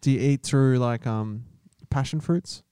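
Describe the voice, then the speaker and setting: A man's voice: medium pitch, unhurried, warm tone, smooth, dry recording, clean studio sound. An Australian man co-hosting a podcast, teasing his co-host with sarcastic ribbing. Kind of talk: casual banter.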